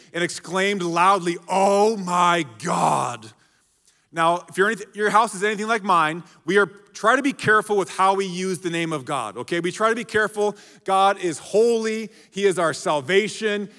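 A high-voiced, bright-sounding man preaches energetically to his congregation. He jokes and calls out to the crowd, and his voice carries a long hall reverb from a large church auditorium. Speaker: pastor. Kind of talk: sermon.

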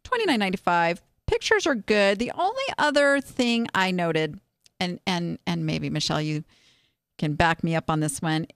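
Her voice is on the low side and moderately paced, with studio quality and no echo. Hosting a relaxed live stream, she's frank and chatty as she reviews online sales listings, animated and often restarting her sentences.

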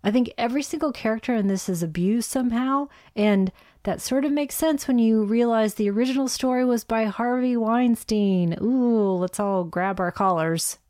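A woman's voice: fairly high pitch, normal speed, few pauses, mellow, dry recording. Chatty woman co-host, dry close sound. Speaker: podcast co-host. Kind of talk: casual film review chat.

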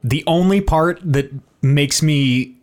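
A man's voice: fairly high pitch, slow pace. A man hosting a casual podcast chat, swearing freely and laughing often. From Canada. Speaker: podcast host.

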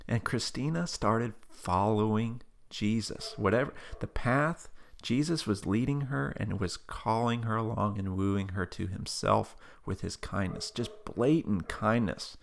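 A man with a low-pitched voice speaks as an interview guest. There is a gravelly fry in his voice, and he talks in an earnest, loose way, full of casual fillers as he tells a faith story and prays. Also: unhurried, a little hiss or hum. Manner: earnest, conversational, with frequent "like" fillers. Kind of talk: personal faith story and spoken prayer.

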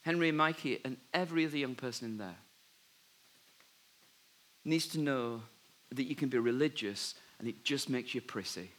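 A man preaching a sermon, telling a Bible story with lively asides and dropping softly when he gives God's words. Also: medium pitch, normal speed, long pauses. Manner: animated storytelling, drops to soft voice for God's words. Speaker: pastor.

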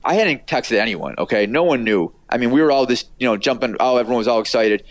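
Middle-aged male radio producer, interview guest; rambling anecdotal delivery packed with fillers and quick impressions, mid pitch, dry sound. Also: expressive, no room sound. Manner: rambling, filler-heavy, acts out quoted voices. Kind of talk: casual storytelling interview.

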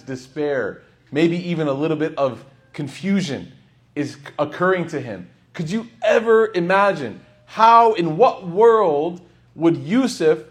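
A man giving a scripture lecture, telling personal stories and acting out the dialogue. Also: on the high side. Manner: storytelling, acts out dialogue. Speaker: Quran teacher.

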